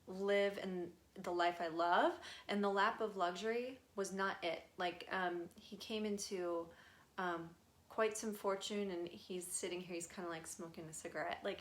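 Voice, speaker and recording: Giggly woman relaying a channeling, low voice. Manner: relays messages in a chatty, giggly way with many fillers. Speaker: spirit medium. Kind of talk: live channeling session.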